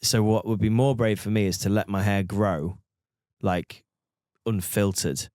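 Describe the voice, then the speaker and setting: A man's voice: on the low side, steady tone, measured pace, darkish tone, no room sound. Joking man, dry close sound. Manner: joking, teasing, calls people mate. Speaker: podcast co-host. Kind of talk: casual chat.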